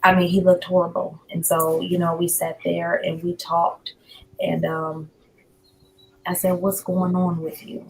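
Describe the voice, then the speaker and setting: A woman's voice: fairly low pitch, monotone, measured pace, gravelly, darkish tone, slight background noise, rough recording. A woman, calling into a livestream as a guest and earnestly telling how things went with her son, quoting each conversation word for word. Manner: earnest, retells conversations word for word, rises when upset. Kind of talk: emotional personal account on a livestream. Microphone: remote call into a livestream.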